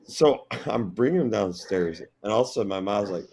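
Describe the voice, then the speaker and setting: A man's voice: on the low side, expressive, brisk, creaky, mellow, slight background noise, low-quality recording. A middle-aged man hosting a casual live stream, telling rambling stories in a blunt, profane way. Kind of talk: casual chat.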